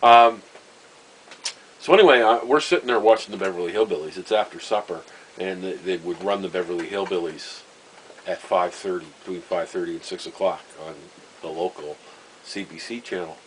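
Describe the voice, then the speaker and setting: A man, telling a personal story in a rambling, halting way, full of fillers and wry chuckles. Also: sits low, slight background noise, rough recording. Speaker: vlogger. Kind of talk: casual storytelling monologue.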